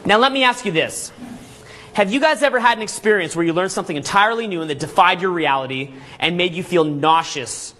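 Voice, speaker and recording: At a live seminar, a man lectures a room of people with energy, piling on rhetorical questions and "okay?" checks. His voice sits high and brisk, and he acts out scenes vividly as he tells them.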